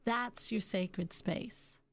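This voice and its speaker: A middle-aged woman hosting a reflective self-help talk, musing gently and slowing down on her key points. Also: mid-range voice. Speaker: podcast host.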